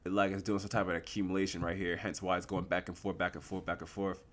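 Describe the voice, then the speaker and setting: A young man giving casual live commentary on his forex trades, slangy and relaxed, asking and answering his own questions. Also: low-pitched, fast talker.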